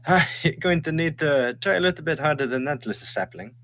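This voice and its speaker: A man voicing a gentle, teasing mother who greets her returning daughter. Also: a little high, expressive, fairly quick, no room sound, clean studio sound, pitched above the performer's own voice. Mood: teasing warmly. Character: warm motherly woman, older elf-like mother.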